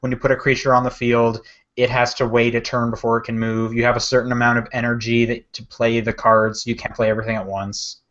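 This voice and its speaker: A man's voice: mid-range voice, little pitch movement, fast talker, fairly bright tone. A man co-hosting a podcast in casual chat, rambling with lots of fillers and self-corrections. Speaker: podcast co-host. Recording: dull lo-fi podcast audio.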